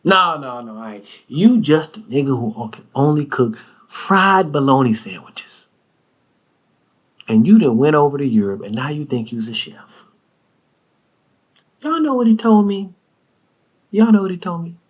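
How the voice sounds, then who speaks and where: A man hosting a comedy show, telling a story with animated, squealing jumps of disbelief. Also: unhurried, long pauses. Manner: animated, shrieking up into high disbelief. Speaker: comedy podcast host.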